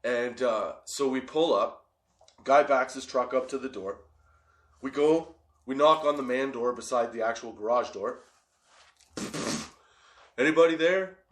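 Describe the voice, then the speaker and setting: A man's voice: mid-range voice, measured pace, pauses often, echoey room. A young man hosting a comedy podcast, telling a story with lots of swearing and frequent laughter. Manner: animated, laughs often, swears freely. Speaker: podcast host.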